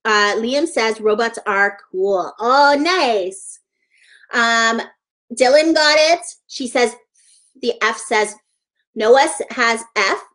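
A woman's voice: fairly high pitch, slow pace, a bit bright. A woman teaching a live online letters-and-sounds lesson to young children, encouraging and sing-song as she praises each child by name.

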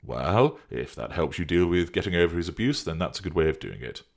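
A man's voice: low-pitched, sing-song, gravelly, exaggerated voice. A man playing a patient, reluctant man. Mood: soothing. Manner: measured, refusing, reasoning.

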